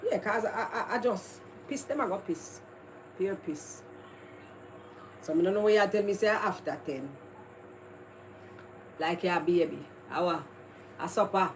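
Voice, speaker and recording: A Jamaican woman chats loosely to viewers on a live stream, rambling from one thing to the next and laughing often. Her pitch sits in a middling range. Steady noise fills the background behind her. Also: measured pace, pauses often. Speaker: livestream host. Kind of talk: casual live chat with viewers. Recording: noisy background ambience.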